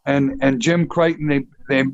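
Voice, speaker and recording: An older man from Canada, a guest musician telling stories in a casual, profane, animated way and acting out quotes. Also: mid-range voice, moderate pace, lo-fi sound. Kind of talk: casual storytelling interview.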